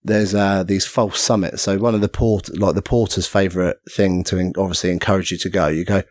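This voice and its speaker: A man's voice: low voice, little pitch movement, a little fast, no echo, clean studio sound. A man telling a story as a podcast guest, rambling and self-mocking, acting out the voices of people he quotes. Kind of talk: casual storytelling chat.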